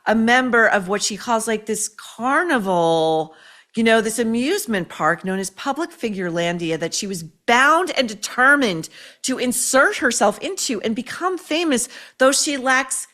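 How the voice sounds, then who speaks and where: A woman's voice: fairly high pitch, expressive, normal speed, a bit bright. A woman hosting a podcast, giving blunt, profane, sarcastic pop-culture commentary, full of "like" and "okay?". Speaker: podcast host.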